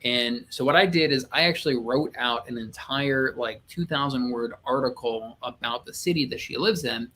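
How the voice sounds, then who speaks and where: Relaxed conversational man co-host. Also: medium pitch, normal speed, hardly any pauses, a little hiss or hum. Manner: relaxed and conversational, with animated asides. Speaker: co-host, real estate agent and YouTuber. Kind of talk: casual chat.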